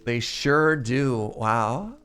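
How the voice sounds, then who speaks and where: A man's voice: medium pitch, extremely slow, fairly bright tone, smooth, soft background music. A Canadian man from the prairies, streaming a game and chatting casually and playfully with his viewers, often joking at his own expense. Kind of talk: casual chat while playing a game.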